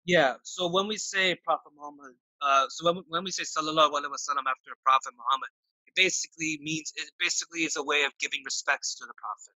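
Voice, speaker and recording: A man answering interview questions in a casual, halting way, often restarting his sentences. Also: fairly high pitch, pushed and bright, dry recording, rough recording. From United States. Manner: halting, many restarts and fillers. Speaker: interview guest.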